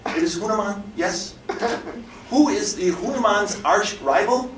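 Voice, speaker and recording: A man's voice: sits high, lively intonation, a little slow, voice pushed up. A man voicing a stern, officious male manager who lectures and questions in a superior way. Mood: lecturing. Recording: echoey theatre, far mic, audience noise.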